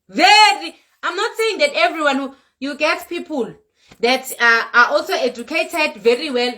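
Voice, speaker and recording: A young South African woman with a South African accent, lecturing her commenters in an emphatic vlog rant and slipping in Zulu words. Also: mid-range voice. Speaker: content creator. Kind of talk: direct-to-camera rant vlog.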